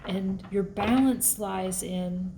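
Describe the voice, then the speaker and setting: Lady doing a tarot reading, talks her way thru the cards, bit of fry in her voice, faint hiss behind. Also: mid-range voice, slow pace. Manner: emotional, chatty, thinks aloud while pulling cards. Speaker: tarot reader. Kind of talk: casual tarot reading to camera.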